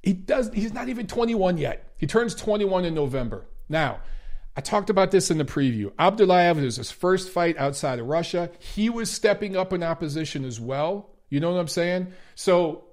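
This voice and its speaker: A man's voice: high-pitched, lively intonation, moderate pace, darkish tone. Blunt ranting male boxing host. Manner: blunt, profane, emphatic, ranting. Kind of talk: opinionated commentary and rant.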